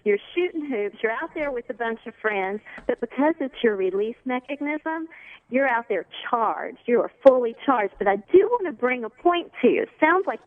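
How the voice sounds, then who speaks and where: A woman counselor calling in to a radio show, calmly explaining how to handle anger. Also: fairly high pitch, moderate pace, no room sound. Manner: calm, explanatory. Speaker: anger management counselor, guest. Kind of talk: advice on a radio call. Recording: tinny phone line.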